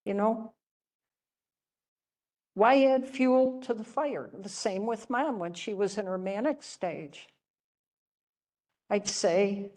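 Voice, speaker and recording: An older woman, a religious sister, teaching a class through stories in a gentle, chatty way, often checking in with her listeners. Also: medium pitch, takes it slowly, pauses often. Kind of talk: storytelling lecture to a class.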